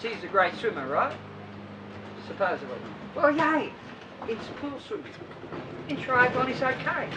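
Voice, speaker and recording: A woman swim coach, giving a blunt talk to her squad, full of rhetorical questions. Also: mid-range voice. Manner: blunt, rhetorical questions, acts out swimmers' voices. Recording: distant mic with vehicle noise behind.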